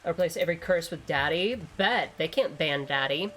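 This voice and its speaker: A woman's voice: low-pitched, moderate pace, soft background music. A woman streamer giving casual gameplay commentary, rambling, joking and swearing freely. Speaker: gaming streamer.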